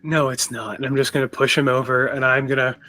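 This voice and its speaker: A man's voice: mid-range voice, level tone, fast talker, bright, forceful tone, faint music behind. A man playing a tabletop game, stating his character's actions in a blunt, matter-of-fact way with casual swearing. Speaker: player. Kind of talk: casual tabletop role-play.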